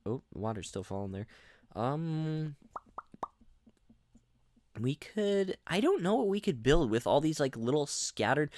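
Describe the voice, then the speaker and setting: A man's voice: medium pitch, no room sound, studio quality. A young man rambling through casual gameplay commentary as a streamer, often restarting his sentences and reading out chat messages. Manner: rambling, chatty, many restarts. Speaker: gaming streamer.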